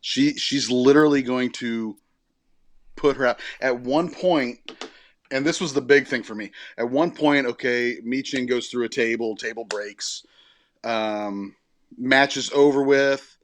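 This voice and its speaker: A man's voice: mid-range voice, fairly even intonation, unhurried. A man co-hosting a podcast in casual chat, telling his take in a rambling way and often correcting himself mid-sentence. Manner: rambling, self-correcting storytelling. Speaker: podcast co-host.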